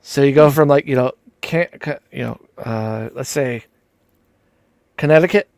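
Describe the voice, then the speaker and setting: A man's voice: mid-range voice, unhurried, vocal fry, a little mellow, no room sound. A man chatting casually as a show host, crude and joking, riffing about regional accents. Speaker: commentary stream host. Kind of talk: casual chat.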